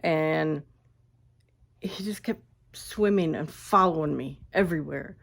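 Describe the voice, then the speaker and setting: A woman ranting casually to her viewers, blunt and animated, swearing freely, recorded on a phone indoors at a friend's house. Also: low voice, slow, creaky. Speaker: vlogger.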